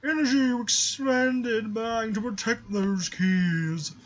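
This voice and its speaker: A man voicing a pompous old male villain who speaks slowly and grandly, over game music. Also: sits high, fairly bright tone, lo-fi sound, voice pushed up.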